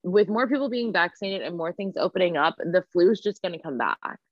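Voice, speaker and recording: Young New Jersey woman, low voice. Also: fairly quick, no echo. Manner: chatty, animated storytelling with lots of "like". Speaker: podcast co-host. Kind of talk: casual chat. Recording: dry, dull lo-fi sound.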